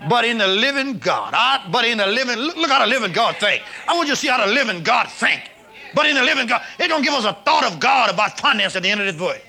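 Bright-voiced male preacher, high and ringing. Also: big pitch swings, fast talker, gravelly. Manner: call-and-response preaching, reads scripture aloud, rising to shouts. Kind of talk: sermon. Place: church service with a congregation.

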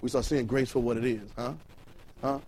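A male preacher with a steady, medium-pitched, slightly mellow voice gives a loose sermon at a moderate pace, reading scripture, repeating words as he builds up, and firing questions at the room. The rough recording has slight background noise.

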